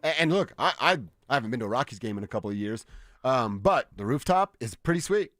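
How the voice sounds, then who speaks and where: A man from Colorado co-hosting a sports talk radio show, passionate and quick, often stammering into restarts at a studio microphone. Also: mid-range voice, animated, fairly bright tone, dry recording. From Northglenn, Colorado.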